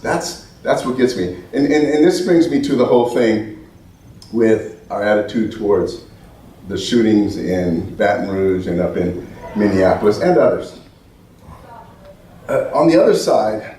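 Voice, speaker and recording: A man's voice: medium pitch, a little hiss or hum. Man telling stories in an echoey hall. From United States. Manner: animated, restarts a lot, acts out quoted voices. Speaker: speaker at an event. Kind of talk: storytelling talk. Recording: roomy hall from far off.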